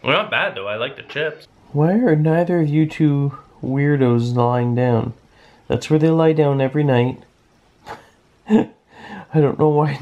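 A man's voice: mid-range voice, highs cut off. Tired, chatty man vlogging casually. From Canada. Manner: chatty, rambling, relaxed. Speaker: family vlogger. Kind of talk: casual vlog chat.

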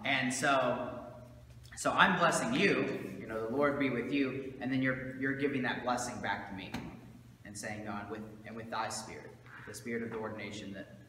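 Medium-pitched, pushed and bright, a Southern American pastor addresses his congregation casually, with fillers and side remarks throughout. The church sanctuary recording has a long, roomy echo and a little hiss or hum.

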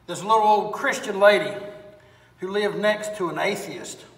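A male pastor delivers a sermon in a folksy, storytelling way and keeps pressing his listeners with questions. His voice is high for a man and bright. It rings through a large, reverberant church from some distance off the mic. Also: normal speed. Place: church sanctuary. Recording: echoey hall, far from mic.

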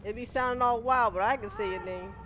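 A woman's voice: on the high side, fairly quick. A middle-aged woman streaming a game live, chatting casually, greeting viewers by name and laughing often. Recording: slightly dull home-stream audio with steady noise.

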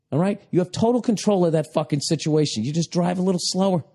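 A man in his forties from the United States, a comedian hosting a podcast, ranting with exasperation, swearing heavily and yelling at times. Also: high-pitched, fast, hardly any pauses. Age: 40s. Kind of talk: profane comic rant.

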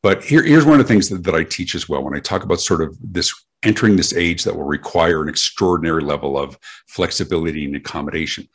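Speaking fast in a low, animated, breathy voice, this man is a guest answering interview questions about customer service. He's emphatic and anecdote-heavy, frequently starting his words over.

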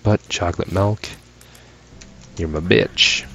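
A man's voice: deep voice, slow pace, vocal fry, pauses often, a bit bright, slight background noise. A man giving casual, profane gameplay commentary, ranting with sarcastic asides and sounding tired late at night. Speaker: gaming channel host.

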